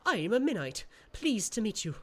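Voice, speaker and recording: A man voicing a tiny, cheeky male winged sprite that chirps its lines in a high, impatient sing-song. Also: very animated, moderate pace, sharp tone, full character voice. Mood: chirpy.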